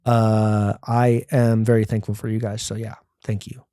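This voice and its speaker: A man's voice: lowish voice, level tone, normal speed, mellow, clear, resonant tone, dry recording, clean studio sound. Rambling, profane young man podcasting. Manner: rambling, profane, self-deprecating. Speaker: podcast host. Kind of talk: casual solo podcast monologue.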